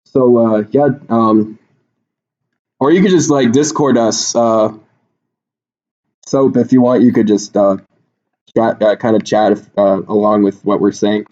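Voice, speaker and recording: A man's voice: fairly low pitch, steady tone, unhurried, pauses often, darkish tone, dull audio. A man hosting a casual online chess chat, talking hesitantly with many fillers. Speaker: host interviewing players.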